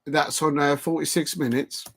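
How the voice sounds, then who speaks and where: A middle-aged man, chatting excitedly over a live football match on his stream and reading out comments from the chat. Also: on the high side, normal speed, background noise. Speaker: football watch-along streamer. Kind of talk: live watch-along commentary.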